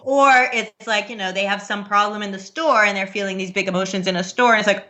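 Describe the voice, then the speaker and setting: A woman with a bright, clear voice talks through parenting ideas in an earnest, chatty way. She laughs easily and keeps a casual interview tone. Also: medium pitch, moderate pace, a little hiss or hum. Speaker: podcast guest, parenting coach.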